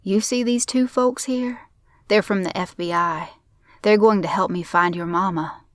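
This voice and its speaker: A woman voicing a young cowboy father who speaks softly and soothingly to his son. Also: medium pitch, a little slow, no echo, studio quality, close to an everyday voice. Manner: soft, soothing, pleading.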